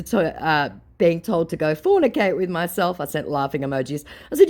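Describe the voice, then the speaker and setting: A woman's voice: deep voice, sing-song, moderate pace, darkish tone. A woman narrating her chats with scammers in a mocking, sarcastic way. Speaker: scambaiter narrator. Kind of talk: sarcastic storytelling.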